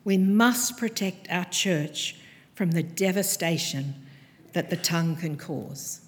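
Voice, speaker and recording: A woman preaching a sermon to her church, with a measured, earnest delivery and pointed pauses. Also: lowish voice, a little hiss or hum. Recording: long hall reverb from a church.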